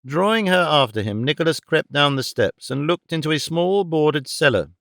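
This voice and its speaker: Smooth, expressive male audiobook narrator. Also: on the high side, no echo, clean studio sound. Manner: measured, expressive reading. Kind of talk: scripted narration.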